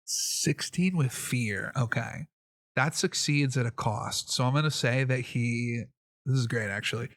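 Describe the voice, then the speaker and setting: A man serving as game master, narrating a tabletop game in a lively, amused, conversational way. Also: medium pitch, a little slow, no room sound, studio quality.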